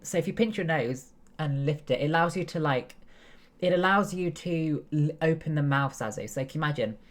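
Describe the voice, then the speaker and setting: Very deep-voiced young woman streamer. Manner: explains step by step, many fillers, chatty asides. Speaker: streamer and nursing student. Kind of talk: casual chat while gaming.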